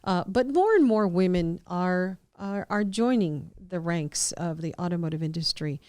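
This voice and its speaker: A woman hosts a casual podcast interview and asks friendly questions. Her voice is crisp, with a dry, close studio sound. She often repeats her guest's answers back to her. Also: lowish voice, animated, normal speed, darkish tone, no room sound. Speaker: podcast host.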